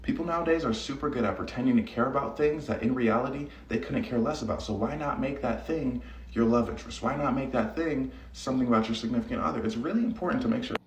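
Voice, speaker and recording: A man's voice: medium pitch, fast talker, few pauses, echoey room. A young man talking in a blunt, slangy, matter-of-fact way. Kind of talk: casual monologue on dating tactics.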